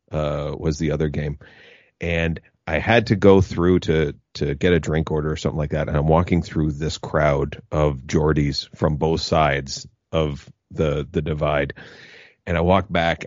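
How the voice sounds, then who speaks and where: A man's voice: rumbling low, a little mellow, dry recording, highs cut off. A man co-hosting a podcast, telling a rambling story in casual chat. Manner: rambling, lots of fillers and backchannels. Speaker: podcast co-host.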